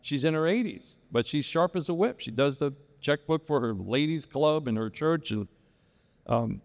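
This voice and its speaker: On stage at a real estate panel in a big hall, a man tells a long, wandering story with many restarts. His voice is a little high and slightly mellow, with lively intonation and a normal pace, and the audio echoes with hall reverb.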